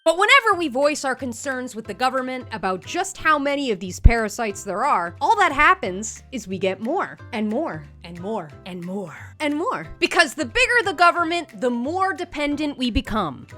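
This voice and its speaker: A woman hosts a satirical show with sarcastic, punchy scripted commentary. Her voice is slightly high and swings widely in pitch. Light music plays underneath. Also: very animated, moderate pace, hardly any pauses, bright, forceful tone. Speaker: comedy show host.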